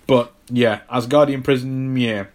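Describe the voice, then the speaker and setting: Male co-host, mid pitch, relaxed and rambling. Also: unhurried. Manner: easygoing, rambling, many fillers. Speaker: podcast co-host. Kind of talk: casual film-review chat.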